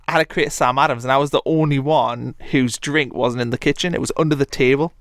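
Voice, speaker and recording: A man's voice: mid-range voice, fast, a little hiss or hum. Young Northumbrian man telling a story. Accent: Northumbrian English. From Northumberland, England. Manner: animated, swearing, laughs through the story. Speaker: podcast co-host. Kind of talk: casual storytelling.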